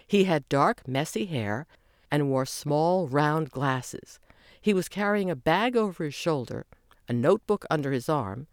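A narrator reading a children's audiobook in a lively storytelling manner. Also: medium pitch, dry recording, studio quality.

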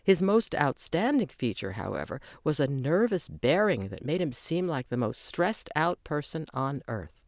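A narrator reading a children's audiobook in a lively storytelling manner. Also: medium pitch, moderate pace, vocal fry, no room sound, studio quality.

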